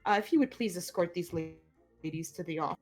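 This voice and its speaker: A woman's voice: lowish voice, lively intonation, a little fast, a little mellow, soft background music, voice pushed down. A woman doing a stern, commanding casino boss. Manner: curt, commanding.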